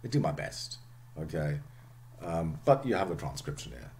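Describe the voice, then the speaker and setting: A man giving a lecture on speech sounds, halting and full of "okay" and "uh", sometimes dropping to a whisper at the end of a phrase. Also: extremely low pitch, very animated, a little mellow, a little hiss or hum. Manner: halting delivery, frequent "okay" and "uh". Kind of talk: recorded phonetics lecture.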